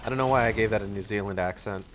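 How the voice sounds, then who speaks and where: A man's voice: lowish voice, rapid-fire, fairly bright tone, slight background noise. Man rambling through a game playthrough. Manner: rambling, profane, self-talking. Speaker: gaming streamer. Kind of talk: casual let's-play commentary.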